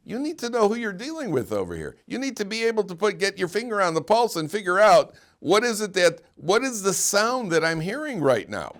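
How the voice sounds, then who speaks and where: A rabbi with a high, very animated voice teaches an informal Torah class in a yeshiva classroom, talking briskly with hardly any pauses. He asks his students rhetorical questions and restarts phrases as he speaks.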